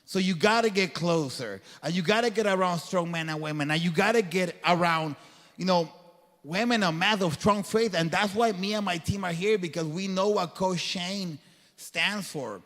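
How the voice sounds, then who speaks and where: A man's voice: high-pitched, normal speed, fairly bright tone. A man giving a guest talk to a live crowd, speaking in an earnest, preacher-like way with a colloquial turn of phrase. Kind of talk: motivational faith talk. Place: event hall before a crowd. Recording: long hall reverb.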